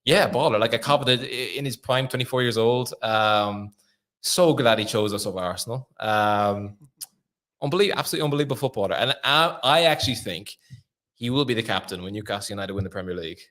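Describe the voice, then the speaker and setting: A man's voice: fairly low pitch, brisk, fairly bright tone. A man talking as a football fan pundit in a heated post-match chat, confident and emphatic.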